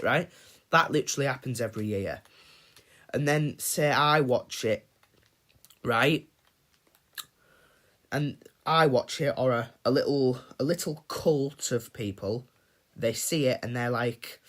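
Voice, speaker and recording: A man's voice: mid-range voice, a little slow. A man hosting a casual livestream, ranting and swearing freely while he chats with viewers. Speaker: livestream host.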